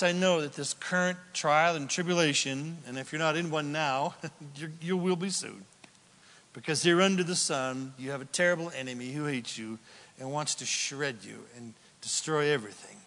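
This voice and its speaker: A man preaching a sermon with dramatic delivery, swinging from loud outbursts to hushed near-whispers. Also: on the high side, long reverb tail. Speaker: pastor.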